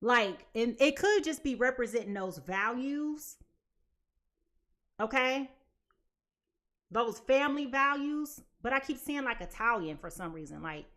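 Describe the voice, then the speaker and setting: A young adult woman giving a live tarot reading in a chatty, animated way, now and then acting out quoted voices. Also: fairly high pitch, a little slow, long pauses. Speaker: tarot reader.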